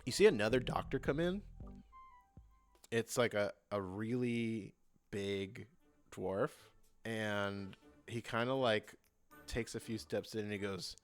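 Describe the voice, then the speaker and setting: A man narrating a tabletop game as game master, in an animated way with lots of fillers. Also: on the low side, takes it slowly, pauses often, faint music behind. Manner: animated, laughing, filler-heavy.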